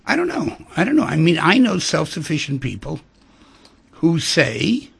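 A male radio host talking in a loose, musing way, his voice sometimes dropping low to almost a whisper. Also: sing-song, a little slow, gravelly, fairly bright tone, slightly rough. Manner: musing, rhythmic, drops to near-whispers. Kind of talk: casual talk radio chat.

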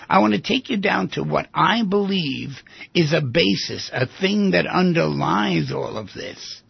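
A man's voice: a little high, animated, normal speed, gravelly, husky, dry recording. An older man hosting a reflective talk radio monologue, acting out dialogues with patients. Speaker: radio show host. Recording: dull lo-fi broadcast recording.

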